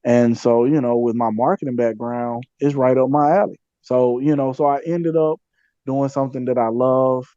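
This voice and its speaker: A man's voice: medium pitch, fairly even intonation, normal speed, dark tone, dry recording, lo-fi sound. A man, a podcast guest, telling a story in a loose, conversational way with many fillers and repeated phrases. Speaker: podcast guest, community activist. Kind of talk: casual storytelling interview.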